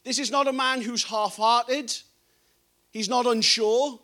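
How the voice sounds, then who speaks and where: A man delivers a sermon in a noticeably high voice. He reads scripture passages softly, then builds to forceful, emphatic preaching. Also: fairly even intonation, takes it slowly.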